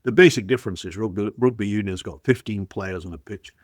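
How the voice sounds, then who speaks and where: An older man from Wigan with a Northern English accent, a guest on a podcast, telling stories in a chatty way that often trails off quietly and restarts. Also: lowish voice, quick pace, dry recording, studio quality. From Wigan, England. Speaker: guest brewing scientist. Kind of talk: casual podcast conversation.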